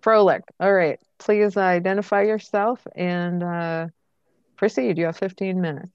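A woman, the presiding judge, directing the next attorney to begin in a brisk, procedural way. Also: fairly low pitch, fairly even intonation, a little mellow, clean tone, no echo, highs cut off. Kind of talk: courtroom procedure.

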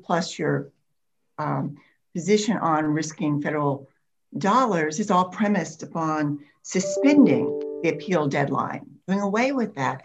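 A woman's voice: on the low side, husky, muffled recording. A woman, an appellate judge, questioning counsel in court in a direct way, cutting in with pointed questions.

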